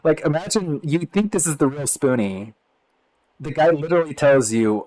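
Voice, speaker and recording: A man's voice: mid-range voice, animated, normal speed, a little mellow, poor audio. A man streaming live, reading out tweets and mocking them in a sarcastic commentary, often laughing between remarks.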